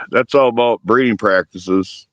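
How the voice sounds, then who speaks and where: A man's voice: fairly low pitch, slow pace, fairly bright tone, dry recording, dull audio. A man who breeds working dogs, explaining his views in an easygoing way, with many fillers. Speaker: dog breeder guest. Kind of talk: casual podcast discussion.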